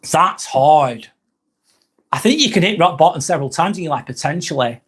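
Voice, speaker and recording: Man, live-stream host, raised pitch, candid, rambling, heavy swearing. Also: expressive, normal speed, breathy edge. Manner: confessional, reads viewer comments aloud.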